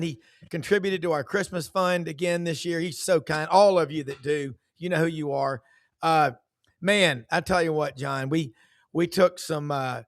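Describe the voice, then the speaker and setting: A man hosts a live sports talk show in a folksy, effusive way, his voice sitting a little high for a man. He talks in quick bursts and piles up praise. The sound is close and dry, with no room around it. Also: no echo.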